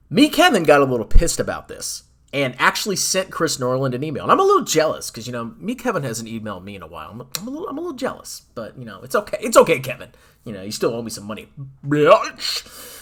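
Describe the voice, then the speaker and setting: A male finance commentator delivers a heated, sarcastic rant, mocking his target as he goes. His pitch swings widely and his voice has a bright, forceful edge. He sounds like a host talking straight to his audience. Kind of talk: ranting commentary video.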